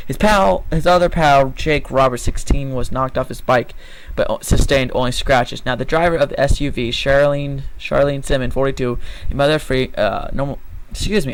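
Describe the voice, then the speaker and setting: A man's voice: medium pitch, rough recording. A man reading a news story aloud and then ranting about it, angry and profane, stumbling and correcting himself as he goes. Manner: rambling with restarts and self-corrections. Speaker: vlogger.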